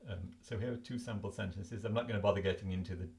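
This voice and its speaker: A man's voice: fairly low pitch, fairly even intonation, quick pace, gravelly, a little mellow. An older man explaining his flashcards in a chatty, self-correcting way at home. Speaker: language learning video host. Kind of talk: casual explanatory talk to camera.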